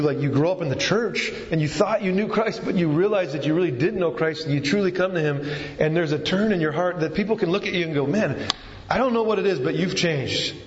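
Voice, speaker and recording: Man preaching in an echoey hall. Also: a little high. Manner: conversational, with frequent restarts and fillers. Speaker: pastor. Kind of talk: sermon. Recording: echoey hall, dull lo-fi sound.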